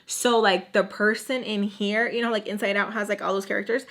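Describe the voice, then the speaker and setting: A woman's voice: mid-range voice, a little fast. Sassy young woman telling a storytime. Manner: sassy, lively, talks straight to the viewer. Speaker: YouTuber telling a personal story. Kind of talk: casual storytime monologue.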